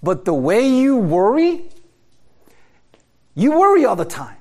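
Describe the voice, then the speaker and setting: A man delivers a sermon in a high, lively voice that swings widely up and down. He talks to his listeners directly, asks them question after question and laughs often as he preaches. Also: takes it slowly. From America. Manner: conversational preaching, rhetorical questions, frequent laughs. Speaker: pastor.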